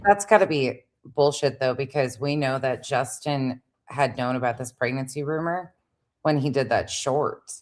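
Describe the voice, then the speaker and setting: A woman's voice: a bass voice, moderate pace, a little mellow. A woman reacting on a live stream, making skeptical, wry remarks. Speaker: commentary streamer.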